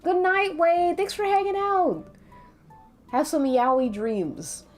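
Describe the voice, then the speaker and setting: A woman's voice: very high-pitched, big pitch swings, slow, darkish tone. A woman with a light Latina accent, chatting casually with her stream chat in a playful, talkative way. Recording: faint background music.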